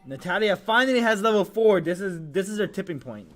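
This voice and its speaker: A man's voice: high voice, animated, a little fast, fairly bright tone, faint music behind. A man streaming live commentary on a mobile game match, hyped and crudely joking, full of exclamations.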